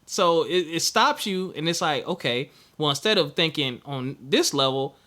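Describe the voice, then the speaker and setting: Bright, encouraging male podcast host. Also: a little high, animated, normal speed. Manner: encouraging, affirming, says "man" often. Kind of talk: casual interview talk.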